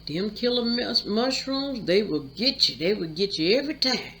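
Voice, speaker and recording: A man's voice: sits high, expressive, normal speed, pushed and bright, a little hiss or hum, heavily acted. A woman voicing a stranded man who knocks and asks for help, in a casual story retelling. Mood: rueful. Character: stranded young man asking for help, then poisoned.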